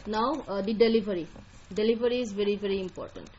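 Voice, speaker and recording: A woman's voice: mid-range voice, fast, a little mellow, muffled recording, a little hiss or hum. A woman with an Indian accent, an admissions counselor giving a live online lecture in a directive way, repeating her key points.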